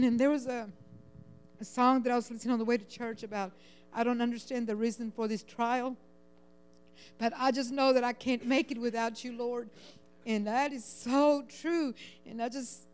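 A woman sharing a personal prayer request at church, rambling and halting with many fillers, sounding overwhelmed and close to tears. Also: fairly high pitch, a little mellow, clean tone. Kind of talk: emotional personal testimony.

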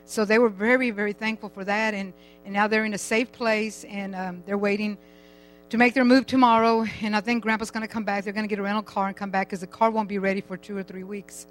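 A woman's voice: mid-range voice, steady tone, fast talker, a little hiss or hum, rough recording. Older churchwoman rambling through a testimony. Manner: rambling, chatty, laughs as she talks. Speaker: church member giving testimony. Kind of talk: personal testimony at a church service.

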